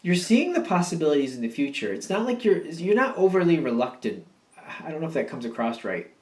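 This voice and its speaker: A man's voice: on the high side, very animated, a little fast, far from the mic. A man giving a casual tarot reading, musing and rambling with many fillers and restatements. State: yawning, a bit drowsy. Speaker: tarot reader. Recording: roomy sound from off the mic.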